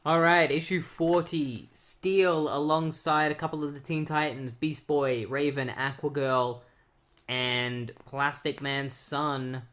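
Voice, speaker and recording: A man co-hosting a podcast, casually retelling a comic storyline with lots of fillers and quick quoted character voices. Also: fairly high pitch, fairly even intonation, fairly bright tone. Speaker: podcast co-host. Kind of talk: casual comic book recap.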